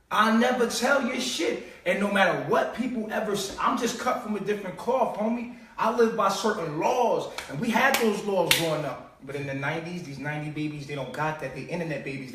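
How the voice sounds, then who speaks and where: A host with a high voice delivers a casual live-stream rant, streetwise and loaded with swearing and ridicule. His volume drops to mutters, then explodes loudly, and he sounds distant from the mic in a heavily echoing room.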